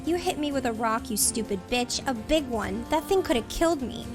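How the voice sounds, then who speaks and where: A woman voicing an angry village boy, a whiny bully who shouts, over faint background music. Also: on the high side, expressive, fairly quick, natural voice. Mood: whining.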